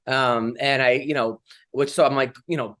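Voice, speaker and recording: A man's voice: medium pitch, fairly even intonation, moderate pace, a bit bright. A man telling stories on a comedy podcast, casual chat, rambling with lots of fillers and restarts.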